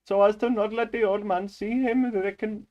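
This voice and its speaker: A theatrical, sing-song Indian English accent, which a man puts on to read prose aloud. It sits noticeably higher and louder than his everyday voice. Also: fairly even intonation, moderate pace, lo-fi sound, natural voice. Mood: playful. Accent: put-on Indian English. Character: man reading narration in a put-on Indian accent.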